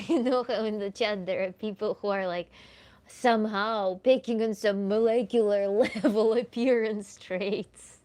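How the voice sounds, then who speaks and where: Chatty woman with a Russian accent. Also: mid-range voice. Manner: relaxed, chatty, laughs often, many "like" fillers. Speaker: tantra coach. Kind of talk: livestream Q&A chat.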